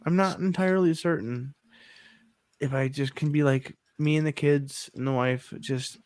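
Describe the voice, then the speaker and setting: A man's voice: fairly high pitch, steady tone, moderate pace, a little mellow, dry recording. A man in his thirties telling a long rambling story in a casual podcast chat, laughing often. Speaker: podcast co-host.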